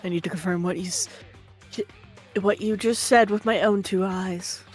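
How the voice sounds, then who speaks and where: Kirigiri, a cool and guarded teenage girl detective, read out by a woman, speaks in terse, matter-of-fact lines at a middling pitch. Faint music plays behind her. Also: fairly even intonation, moderate pace, natural voice. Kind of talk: dramatic reading of game dialogue.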